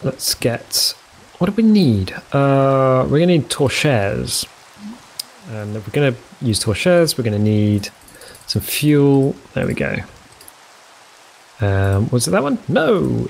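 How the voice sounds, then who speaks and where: A man talks through a game in a relaxed, rambling way. He counts under his breath and throws in self-mocking jokes. His voice sits at a middling pitch, with a faint hiss behind it. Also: takes it slowly, gravelly, pauses often, poor audio. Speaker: let's play host. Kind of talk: casual gameplay commentary.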